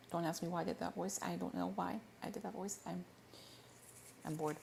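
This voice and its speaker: A woman's voice: on the low side, steady tone, a little fast, creaky, darkish tone, slight background noise. A woman hosting a casual livestream Q&A, rambling and often stumbling over her words and correcting herself. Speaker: livestream host.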